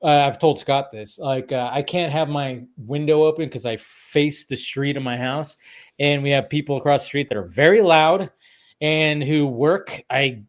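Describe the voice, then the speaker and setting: Rambling casual male podcast host. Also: a little high. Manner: rambling, animated, swears freely. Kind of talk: casual chat.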